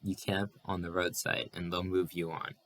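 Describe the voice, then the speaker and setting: A man's voice: sits low, level tone, moderate pace, a bit bright. Man reading a bitter weary migrant. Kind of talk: audiobook character reading.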